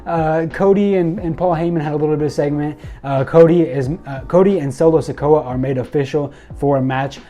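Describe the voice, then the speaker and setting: A young man excitedly recapping and commenting on a wrestling show, acting out quoted lines and using many fillers. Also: on the high side, a little fast, few pauses.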